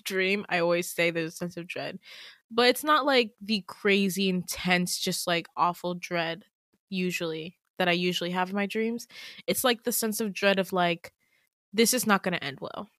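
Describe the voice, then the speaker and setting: A woman's voice: mid-range voice, fairly bright tone, no room sound, clean studio sound. Chatty young woman telling her dream. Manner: chatty, full of "like", laughs often. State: tearful, emotional. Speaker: podcast host retelling her dreams. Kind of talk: casual storytelling.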